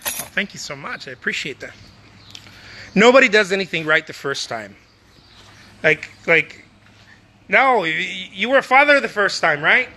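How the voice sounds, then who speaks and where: A man's voice: sits high, expressive, normal speed, pauses often, bright, forceful tone, a little hiss or hum. A man, a painter, giving emphatic career advice in a casual livestream, repeating his phrases and calling the listener dude.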